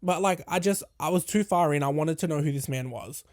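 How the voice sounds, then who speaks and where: A man's voice: a little high, brisk, no echo, studio quality. A young man hosting a podcast, telling a candid, sweary storytime and acting out both sides of a conversation. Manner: candid, swearing, animated retelling with quoted dialogue. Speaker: podcast host. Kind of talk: casual storytime.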